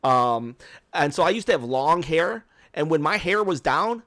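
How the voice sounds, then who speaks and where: A man with a slightly raised speaking pitch hosts a casual podcast. He tells anecdotes with lively energy and laughs easily as he goes. He is close on a podcast microphone. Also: unhurried. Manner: lively storyteller who laughs often. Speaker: podcast host.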